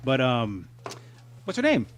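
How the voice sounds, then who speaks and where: A man's voice: medium pitch, wildly swooping pitch, a little slow. A man co-hosting a podcast, talking casually and profanely, laughing often. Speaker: podcast co-host. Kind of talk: casual chat.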